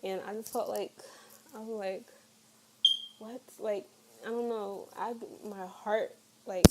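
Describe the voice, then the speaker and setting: A woman's voice: mid-range voice, fairly even intonation, a little slow, very noisy. A young woman telling a personal story to camera in a casual storytime vlog, candid and chatty with lots of fillers. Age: young adult. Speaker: vlogger.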